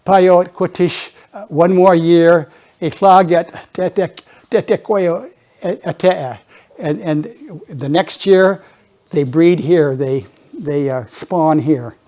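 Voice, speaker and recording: An older man speaks to a small group in an informal presentation. He talks haltingly, often repeating words and restarting his sentences. His voice sits a little high, with a mellow, dark tone. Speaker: guest speaker. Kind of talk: informal presentation with audience chat.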